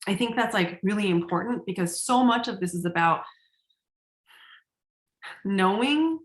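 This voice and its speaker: A woman teaching in a relaxed, conversational way, full of "like" and casual swearing. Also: medium pitch, unhurried. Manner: conversational, heavy use of "like", swears casually, laughs often. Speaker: coach. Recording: roomy echo.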